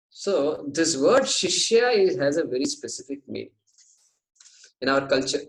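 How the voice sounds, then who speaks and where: A man giving a scripture class, explaining Sanskrit terms slowly and with light jokes. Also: a little high, sing-song, echoey room, poor audio. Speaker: Vedanta teacher.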